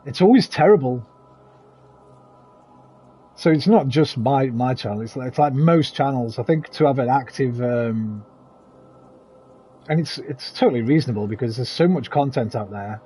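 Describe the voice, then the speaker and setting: Warm and slightly breathy, this man's medium-pitched voice is animated, moving at normal speed with long pauses. He streams a video game and chats loosely with viewers, greeting them by name and swearing freely as he plays.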